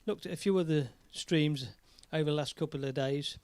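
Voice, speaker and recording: A man's voice: on the high side, normal speed, darkish tone, smooth, no room sound. An English man hosting his own music live stream, chatting in a rambling, jokey way. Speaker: live stream host and singer. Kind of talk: casual live stream chat.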